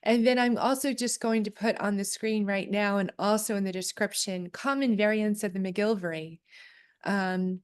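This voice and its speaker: A woman's voice: mid-range voice, fairly even intonation, normal speed, clear, resonant tone. A woman co-hosting a casual chat on clan history and family research, often reading aloud from a booklet. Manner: chatty, reads aloud from a booklet. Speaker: co-host.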